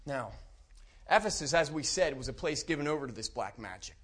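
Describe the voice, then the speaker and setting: A man preaching a sermon to a congregation. He talks emphatically and repeats and restarts his words, rising at times to loud preaching. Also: a little high, animated, brisk, husky. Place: church.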